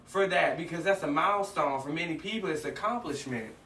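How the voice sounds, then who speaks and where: Man, bright forceful voice, animated storyteller, echoey room, mic a bit far off. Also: on the high side, fairly quick. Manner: animated storytelling, acts out dialogue. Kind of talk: casual faith talk. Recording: echoey room, mic at a distance, faint noise.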